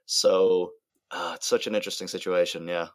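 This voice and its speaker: Guy thinking out loud in a chat, lots of likes, dry sound. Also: low-pitched, fairly even intonation, normal speed, no echo. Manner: thoughtful, hedging with "like". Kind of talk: casual chat.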